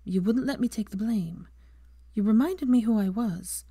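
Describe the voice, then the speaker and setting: A woman voicing an earnest young adult witch who speaks softly, often near a whisper. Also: medium pitch, moderate pace, breathy edge, no room sound, clean studio sound, voice pushed up, natural voice. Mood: wistful.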